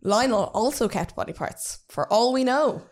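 A woman's voice: on the high side, lively intonation, normal speed, a little mellow. An English woman co-hosting a casual true-crime podcast, giving wry, playful reactions. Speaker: podcast co-host.

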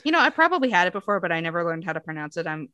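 An American woman co-hosting a podcast, chatting casually and reading quiz options out with lively rises. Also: on the low side, rapid-fire, clean tone, no echo. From United States. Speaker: podcast co-host. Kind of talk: casual chat.

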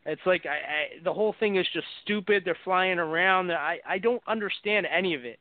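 A man's voice: high voice, fairly quick, few pauses, dry recording. A man hosting a casual chat, telling rambling stories and laughing often. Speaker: podcast host. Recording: dry, phone-like audio.

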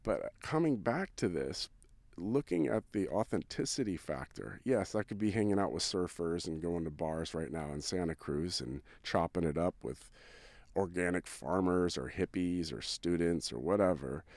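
A man's voice: low-pitched, expressive, normal speed, darkish tone, dry recording. A man from California, a songwriter, telling a personal story in a casual, earnest, rambling way with many fillers and restarts. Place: van on a town street.

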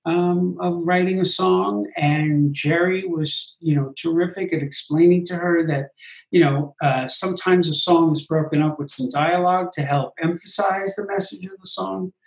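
A Broadway producer in an interview tells his stories with energy and acts out other people's lines. His voice sits a little high for a man. The room around him echoes. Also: moderate pace, gravelly. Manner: animated anecdotes, acts out quotes. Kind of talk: interview storytelling.

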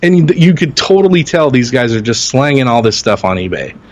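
A man in easy podcast conversation, his voice sitting in an ordinary middle register. He tells stories with energy, jumping up in pitch when he acts out what people said. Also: brisk, a little hiss or hum. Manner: animated, acts out quotes in raised voice. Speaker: podcast co-host. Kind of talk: casual storytelling chat.

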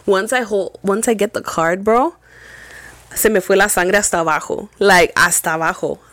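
Animated swearing woman telling a ghost story. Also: mid-range voice, moderate pace, no echo. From Mexico. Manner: animated, swears often, mixes in Spanish phrases. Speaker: podcast co-host. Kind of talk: casual storytelling chat.

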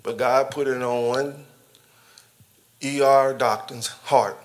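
A man's voice: mid-range voice, steady tone, takes it slowly. A man giving a personal testimony to his church family, talking in a colloquial, conversational way and chuckling as he speaks straight to the listeners. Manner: conversational and colloquial, chuckling often, addressing the congregation directly.

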